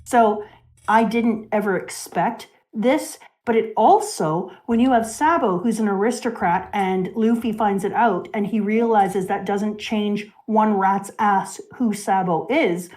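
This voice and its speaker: A woman's voice: mid-range voice, measured pace, darkish tone. A woman in casual fan discussion who talks with animation and acts out quoted lines. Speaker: co-host.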